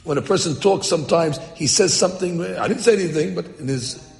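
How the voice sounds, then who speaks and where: Animated man teaching, echoey hall. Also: on the high side, fairly quick, gravelly. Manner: animated, translating Hebrew phrases line by line. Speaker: Torah teacher. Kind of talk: text-study lecture.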